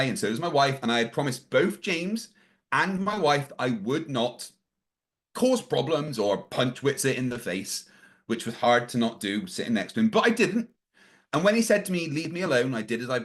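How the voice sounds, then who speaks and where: A man hosting a casual talk show, telling a story with lively voices for the people he quotes. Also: medium pitch. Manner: animated, acts out quoted voices. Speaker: podcast host.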